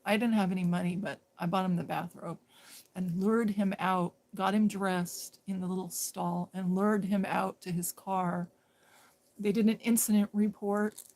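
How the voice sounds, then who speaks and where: A woman live streaming, telling a story casually in a rambling way that drops into hushed whispers. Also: mid-range voice, steady tone, normal speed.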